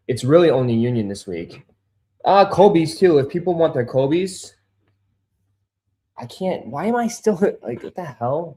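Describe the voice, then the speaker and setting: A man hosting a casual sneaker livestream who swears, gets easily frustrated and calls his viewers bro and dude, turning loud and insistent when he makes a point. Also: mid-range voice. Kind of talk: casual live-stream chat. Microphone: desk microphone.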